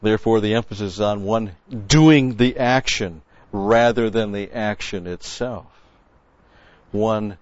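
Here a Bible teacher with a mid-range voice gives verse-by-verse sermon teaching, emphasizing key words by repetition and explaining how the original text's grammar works. The dull, dry lo-fi recording has no echo.

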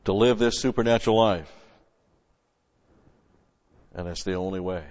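A man teaching through Bible verses as a pastor, punching key words loudly and then dropping into quick, quieter asides. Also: sits low. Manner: emphatic, swells loud on scripture then drops to asides. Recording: lo-fi recording with long hall reverb.

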